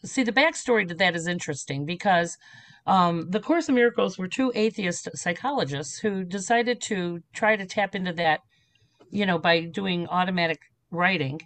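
A woman's voice: on the low side, normal speed, dry recording. A middle-aged woman, a spiritual medium, telling stories and teaching in a casual interview, acting out little voices as she goes. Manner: animated storyteller, acts out voices.

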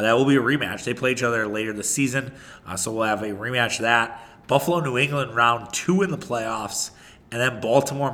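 A man's voice: medium pitch, pushed and bright. A man hosting a casual solo sports podcast, rambling and opinionated, often restarting his sentences and swearing.

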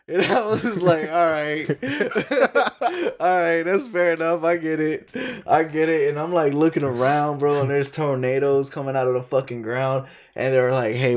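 A man co-hosting a podcast, telling a story in profane, laughing casual chat. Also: mid-range voice. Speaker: podcast co-host.

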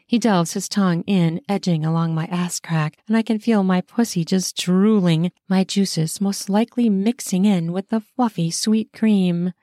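A woman narrates an audio story in the first person with a mellow, darker tone. Her telling is brisk and intimate, recorded close on a dry mic with no room sound. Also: lowish voice, fairly even intonation, dry recording.

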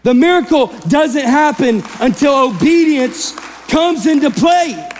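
A male pastor preaching a sermon in an animated way, acting out the people in the story and swinging between loud and hushed delivery. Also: very high voice, a little slow, long reverb tail, a faint crowd, slight background noise.

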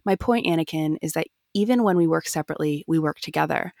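A calm, reassuring older Jedi mentor, as a woman reads him aloud from a novel. The voice sits low with some gravel. It sounds close and dry. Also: fast, no room sound. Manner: gentle, reassuring.

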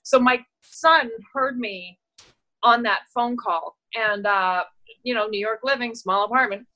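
Animated woman telling a story. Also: on the high side, unhurried, low-quality recording. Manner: animated, laughing, acts out quoted voices. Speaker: actress and guest. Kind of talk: casual interview storytelling.

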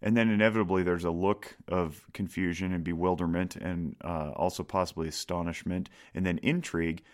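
A man's voice: low-pitched, steady tone, fairly quick. A man hosting a podcast as a counselor, talking in a loose, rambling way with many fillers and restarts and some self-mocking humor. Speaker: podcast host and anger counselor. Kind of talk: casual monologue.

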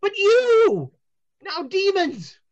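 A frantic, paranoid fortune teller, voiced by a game master shrieks in a high, wildly swooping voice. The sound is dull and lo-fi, like an old stream capture. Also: male voice, very slow, exaggerated voice. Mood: ominous. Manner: shrill, excitable, shouting accusations. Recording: dull lo-fi audio.

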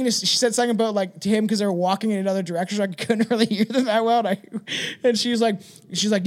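A man's voice: high-pitched, steady tone, quick pace. A man hosting a podcast, telling a rambling, profane story in casual chat and laughing as he talks. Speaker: podcast host.

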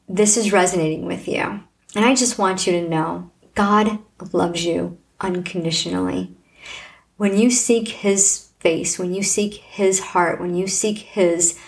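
A woman's voice: on the low side, gravelly. Earnest middle-aged woman sharing her testimony. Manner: earnest, heartfelt, preaching. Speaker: podcast host. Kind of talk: personal faith testimony.

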